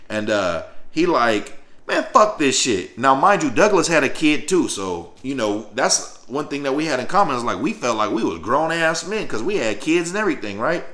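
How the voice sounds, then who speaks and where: A man spins a profane, animated tale from his youth, his tone bright and forceful. He keeps checking in with the listener as he talks, and his voice sits in a roomy, echoey space. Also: mid-range voice, moderate pace, few pauses. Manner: profane, animated, fills with "you know what I'm saying". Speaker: storyteller vlogger. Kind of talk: casual storytelling. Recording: roomy echo.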